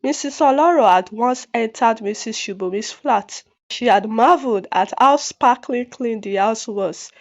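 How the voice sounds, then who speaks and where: Lady reading a folktale out, steady and plain, higher voice, muffled lo-fi sound. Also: measured pace, hardly any pauses. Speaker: storyteller. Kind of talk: scripted folktale narration.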